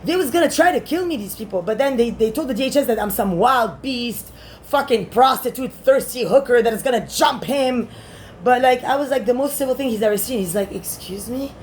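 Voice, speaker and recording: A woman with a notably high voice delivers a rambling monologue to camera. She sounds agitated and swears freely, leaping from one point to the next and now and then breaking into shouts. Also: animated, fairly quick, slight background noise. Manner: agitated, profane, jumps between topics, bursts into shouting.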